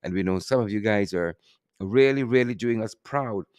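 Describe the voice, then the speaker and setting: A middle-aged Guyanese man hosts a casual live stream, teasing playfully, laughing often, and reading out viewer names. His voice is lowish and darkish at a moderate pace, with clean studio sound and no echo.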